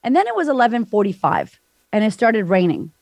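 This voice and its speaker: A woman guest on a podcast frankly retells a hard personal story in a breathless rush, full of "like," acting out voices as she goes. Her medium-pitched voice is sing-song and darkish, a little fast, recorded with no room sound.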